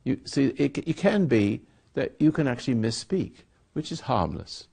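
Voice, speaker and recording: A man's voice: mid-range voice, big pitch swings, normal speed, vocal fry, mellow, husky. A man speaking as a spiritual teacher in a sermon dialogue, rambling and acting out quoted voices.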